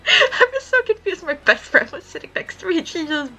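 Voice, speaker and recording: A woman's voice: extremely high pitch, very animated, a little slow, bright, forceful tone, soft background music, rough recording. A young woman chatting casually while she draws on stream, swearing freely and laughing often as she tells stories. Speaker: art streamer.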